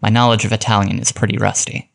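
A man reading aloud and voicing a confident male criminologist who gives crisp, commanding orders. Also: fairly low pitch, flat delivery, fast talker, fairly bright tone. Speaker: detective giving orders.

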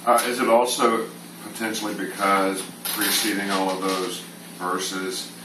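A man in a Bible study group asking a hesitant question. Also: a little slow. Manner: asks a hesitant question, flat and low. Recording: distant and roomy, with clear noise.

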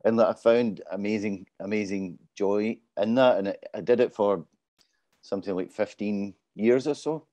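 A man in his forties talks through his career on a panel, modest and quick to downplay himself. His voice sits low and mellow. The sound is dry and close. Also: no echo. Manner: modest, self-deprecating. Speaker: panelist, business development lead. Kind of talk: casual panel talk.

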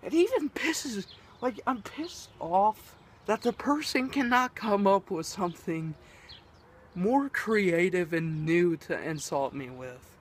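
A man's voice: high-pitched, animated, takes it slowly, a little hiss or hum. A man ranting and swearing in a casual, rambling vlog. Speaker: vlogger.

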